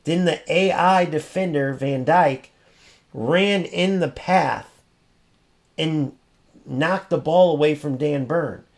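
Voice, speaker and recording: A man's voice: a little high, takes it slowly, vocal fry. A man hosting a gaming channel, delivering a blunt, profane casual rant and repeating points for emphasis.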